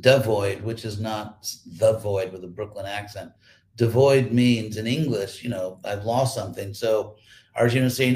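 A man teaching Sanskrit scripture in an online class, explaining words slowly and repeating himself as he thinks. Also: lowish voice, a little mellow, roomy sound. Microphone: computer mic.

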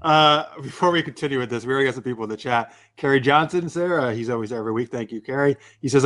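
Male podcast host, mid-pitched, loose and chatty, casual cursing. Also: rapid-fire, hardly any pauses, a bit bright. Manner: loose and chatty, swears freely.

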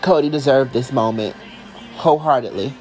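A man reacting live as a fan, excitable and emotional, talking casually and sassily to his viewers. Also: medium pitch, moderate pace, soft background music, rough recording. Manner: casual and sassy, calls listeners y'all and honey. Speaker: wrestling fan vlogger.

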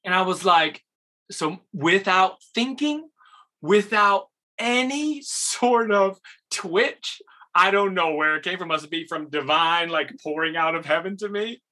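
Bright-voiced, animated male actor. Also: high-pitched, a little slow. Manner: animated, laughing, acts out quotes. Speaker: actor and interview guest. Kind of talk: casual storytelling interview.

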